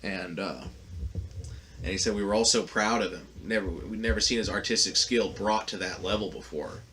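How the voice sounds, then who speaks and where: A man with a fairly low voice tells a story on a podcast, loose and profane, full of ums and likes. A faint background hum runs under the recording. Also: normal speed, sharp tone. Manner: profane, rambling storyteller with frequent fillers. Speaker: podcast host. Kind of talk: casual storytelling.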